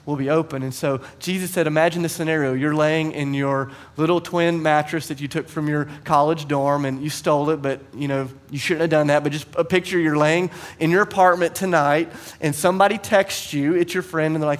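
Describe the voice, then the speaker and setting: Man, pastor, sermon, animated storyteller, slightly high voice, thirties. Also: a little fast, few pauses. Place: church.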